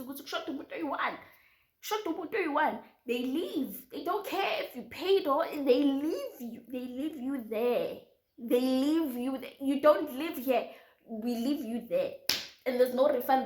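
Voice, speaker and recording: A young South African woman spins a dramatic story for her vlog, voice pitched a little high. She tells it with lively drama, and the sound has a roomy echo. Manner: animated, dramatic storytelling with quick switches into isiZulu. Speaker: vlogger.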